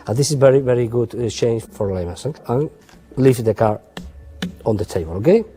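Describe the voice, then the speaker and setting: A man's voice: medium pitch, animated, fairly quick, warm tone, breathy edge. Male magician explaining sleights in plain broken English, faint music under him. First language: Spanish. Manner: simple, broken English with frequent "okay?" and "eh?" checks; playful, storytelling patter. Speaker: magician teaching card sleights. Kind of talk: instructional demonstration.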